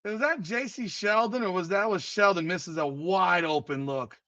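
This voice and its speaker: A man with a fairly high voice talks through a live game reaction, exclaiming and cursing at each play. He keeps putting the same rhetorical question to his viewers. The sound is dry and a little dull, like a modest home mic. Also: moderate pace, dry recording. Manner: excitable, exclaims and curses at plays; repeats rhetorical questions to chat. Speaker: livestream host.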